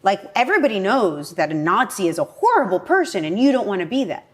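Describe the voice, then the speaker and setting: A woman with a Spanish accent, a political candidate talking as a guest in casual conversation, animated and laughing often. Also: mid-range voice, fast. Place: home.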